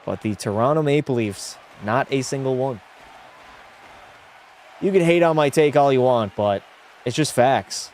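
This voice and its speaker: A mid-range, darkish male voice speaks a little slowly, pausing often, with slight background noise behind it. He's a young man streaming a hockey video game from home, reading chat aloud and offering blunt, opinionated takes in casual conversation.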